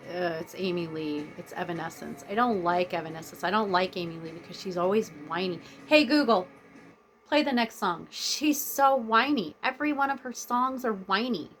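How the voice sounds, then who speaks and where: A woman's voice: fairly low pitch, moderate pace, hardly any pauses, fairly bright tone. A woman vlogger chatting casually, rambling and drifting off topic, blunt and swearing freely. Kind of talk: casual chat. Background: faint music playing.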